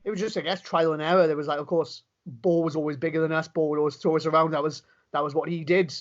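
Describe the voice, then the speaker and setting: A young Welsh pro wrestler tells stories eagerly in a casual interview, speaking fast and restarting his sentences often. His voice is on the high side with fairly even intonation, captured in a dull lo-fi recording.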